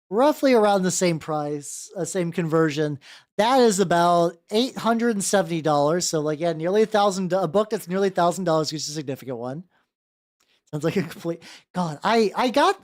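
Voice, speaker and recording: A streamer chatting casually about a tabletop game, rambling off on tangents, restarting sentences and swearing freely. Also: medium pitch. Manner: greets chat viewers mid-flow. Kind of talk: casual live-stream chat.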